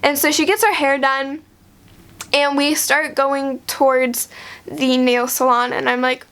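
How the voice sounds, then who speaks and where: A young woman with a high voice tells a personal story straight to her vlog audience. She talks casually and chattily, with lots of "like" fillers and small laughs mixed in. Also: steady tone, normal speed, fairly bright tone. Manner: chatty, heavy use of "like"; laughs through her retelling. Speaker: vlogger.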